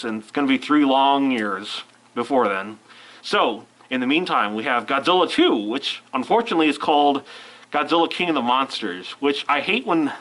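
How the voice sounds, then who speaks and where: A man's voice: medium pitch, pushed and bright, poor audio. A man with a cold giving a rambling, self-interrupting casual film review. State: fighting a cold. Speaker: movie reviewer.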